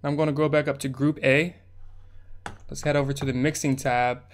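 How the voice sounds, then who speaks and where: A man's voice: medium pitch, level tone, moderate pace. A man hosting a music production tutorial, talking through the steps in a laid-back, slangy way. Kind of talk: casual screen-recorded tutorial narration.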